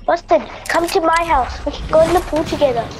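A woman chatting casually while playing a game with a friend, giving excited, bossy calls to her teammate. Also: extremely high pitch, a little fast, slight background noise, rough recording. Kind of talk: casual gameplay chat.

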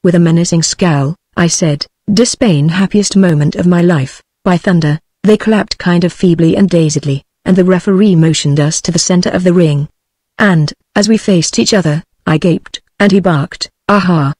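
A text-to-speech female voice with a British English accent, narrating an audiobook in an even, machine-read manner. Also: on the low side, normal speed, dry recording.

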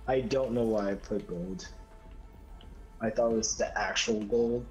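A man's voice: lowish voice, steady tone, measured pace, faint music behind, rough recording. A man chatting casually with friends while gaming, jumpy and playfully pleading. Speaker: gamer on a group stream.

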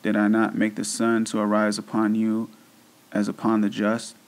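A man reading the lines of a stern almighty male divine judge in a slow, solemn way. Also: fairly low pitch, monotone, close to an everyday voice, low-quality recording.

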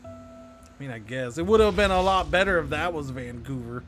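A man with a slightly high, fairly bright, animated voice speaks at normal speed while casually commenting on his own gameplay on a live stream, with soft music in the background. He chats to himself and tosses sarcastic answers to chat.

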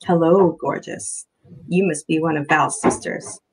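A woman voicing a sleazy, smooth-talking young man who flatters slowly and smarmily in a storybook reading. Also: heavily acted, low-quality recording. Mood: smarmy. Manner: smarmy, flattering, low and slow.

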